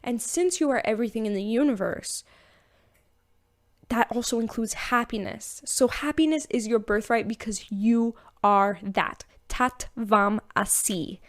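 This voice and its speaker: A young woman hosts her own podcast, chatting casually about spirituality. She talks in an animated, meandering way, full of fillers and quick laughs. Her voice sits a little high. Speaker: podcast host.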